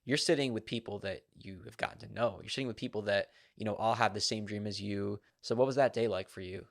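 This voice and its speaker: Fast-talking gravelly male host. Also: fairly low pitch, no echo, clean studio sound. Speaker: podcast host. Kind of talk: casual interview.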